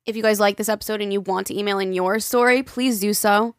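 A woman's voice: mid-range voice, steady tone, fast talker, no echo, studio quality. A woman co-hosting a casual podcast, reading listener emails aloud and chatting, swearing freely and laughing often. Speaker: podcast co-host.

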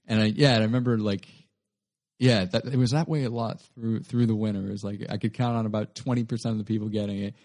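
A man, a comedian and singer-songwriter, telling stories animatedly in a casual chat. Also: fairly low pitch. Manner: animated storytelling, quick bursts.

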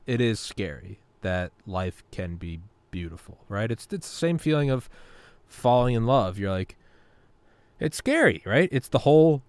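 A man's voice: mid-range voice, unhurried, smooth, no echo. A young adult man hosting a podcast, chatting casually and animatedly, swearing freely and acting out bits of dialogue. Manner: animated, swears freely, acts out silly voices in quotes. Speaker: podcast host.

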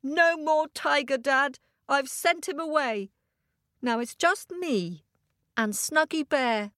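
A woman's voice: high voice, slow pace, a bit bright, no room sound, clean studio sound, pitched above the performer's own voice. A woman voicing a small boy who bossily orders away his own anger. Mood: relieved. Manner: bossy, commanding.

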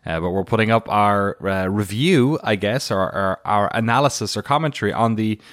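A man's voice: fairly low pitch, moderate pace, a bit bright, no room sound, clean studio sound. An Irish man co-hosting a podcast in casual, rambling chat with many fillers and self-deprecating asides. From Ireland. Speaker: podcast co-host.

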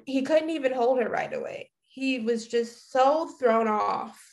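A woman in her thirties telling a personal story in a casual, reflective way, often halting and starting sentences over. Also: sits high. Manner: reflective, halting, with frequent restarts.

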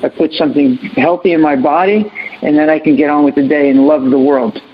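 Earnest husky man with a higher voice. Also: fairly even intonation, a little fast, muffled recording. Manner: earnest, preachy, repeats phrases. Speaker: panel guest, educator. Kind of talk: impassioned panel remarks.

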